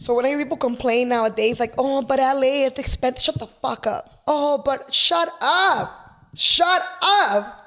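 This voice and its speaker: A woman's voice: high voice, normal speed. Brash, cussing woman LA. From East Los Angeles. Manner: brash, profane, animated. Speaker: podcast guest telling her story. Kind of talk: casual storytelling chat.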